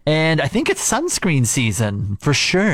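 Playful radio co-host, lively pitch. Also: male voice, a little slow, dry recording, studio quality. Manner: playful, teasing, laughs often. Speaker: radio morning show co-host. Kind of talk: casual radio banter.

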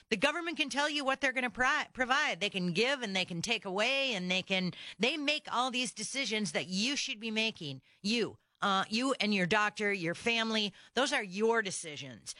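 A woman hosting a talk radio program, worked up and firing off indignant rhetorical questions. Her voice is bright and forceful, smooth and crisp, and it sits close and dry on a studio microphone. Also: a little high, expressive, normal speed, few pauses, dry recording. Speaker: radio talk show host. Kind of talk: opinionated talk radio monologue.

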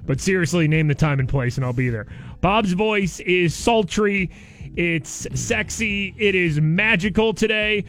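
Man, radio host, high voice, bright, upbeat, reads tweets, studio mic. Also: measured pace. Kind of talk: morning radio banter. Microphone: studio microphone.

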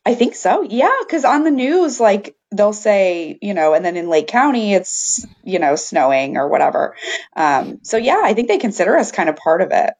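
A woman from northwest Indiana with a Chicago accent, a relaxed guest who says "like" a lot and laughs mid-sentence. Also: medium pitch, normal speed. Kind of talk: casual conversational interview.

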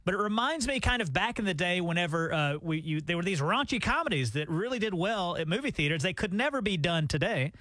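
A man with a notably high voice, co-hosting morning radio and chatting his way through the news of the day. He is recorded dry and close on a studio mic. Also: expressive, fairly quick, few pauses, fairly bright tone, no echo. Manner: chatty, brings up stories and recommendations. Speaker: radio morning show co-host. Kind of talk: casual morning radio banter. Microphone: studio microphone.

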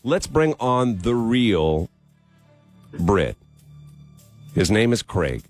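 A man hosting a morning radio show, chatting and joking with callers in an animated way. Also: on the low side, very slow, soft background music. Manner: jokey, animated. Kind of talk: casual chat.

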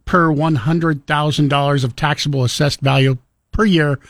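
A man's voice: a little high, fairly even intonation, moderate pace, no room sound, studio quality. A man hosting a casual radio talk show and telling stories. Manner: storytelling with quoted voices and chuckles.

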